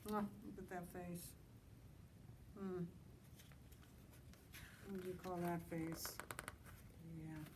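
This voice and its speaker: A woman librarian reading a picture book to children outdoors, pausing for chatty asides and questions. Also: on the low side, fairly even intonation, far from the mic, background noise. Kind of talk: outdoor story time reading.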